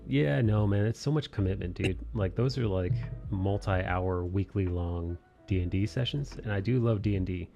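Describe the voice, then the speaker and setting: Laid-back young man, low voice, swearing casually. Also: moderate pace, gravelly, few pauses, mellow, dull audio, faint music behind. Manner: laid-back, swears a lot, says "dude". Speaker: streamer host. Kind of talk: casual chat while drawing.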